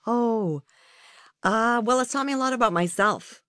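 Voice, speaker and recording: A woman's voice: a little high, unhurried, a bit bright, no echo, studio quality. A woman being interviewed, speaking frankly and reflectively about her own life in a candid conversation. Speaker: interview guest.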